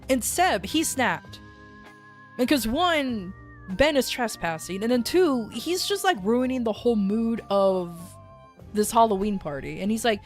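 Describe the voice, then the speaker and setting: A woman's voice: on the high side, unhurried, faint music behind. A woman streamer casually telling a long story, rambling with many fillers and restarts. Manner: rambling, filler-heavy, animated retelling.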